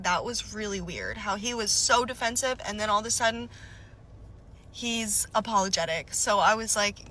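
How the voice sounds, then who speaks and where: Bright-voiced young woman telling a story. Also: on the high side, normal speed, a little hiss or hum, low-quality recording. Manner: animated, acts out both sides of quarrels. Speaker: storyteller in a played video. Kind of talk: story-time monologue.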